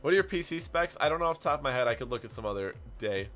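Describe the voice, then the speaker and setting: Animated young man streaming a game. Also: medium pitch, soft background music. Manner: animated storytelling, quick asides to chat. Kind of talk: casual stream commentary while playing.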